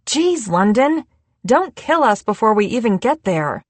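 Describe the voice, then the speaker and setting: A woman's voice: a little high, sing-song, a little slow, dry recording, pitched above the performer's own voice. A woman voicing a bossy, teasing young woman in an audiobook, blunt and wry in her delivery.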